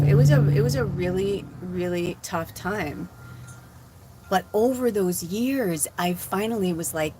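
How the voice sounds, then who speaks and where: A woman in her forties from Illinois, a spiritual medium telling her life story in a casual live stream, animated and swearing as she acts out what she said. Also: fairly low pitch, unhurried, heavy background noise. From Illinois, USA.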